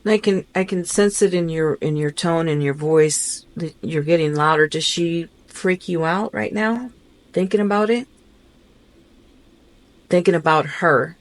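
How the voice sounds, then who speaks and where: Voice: medium pitch, a little slow, dry recording. A podcast host interviewing a guest, asking probing follow-up questions with frequent restarts.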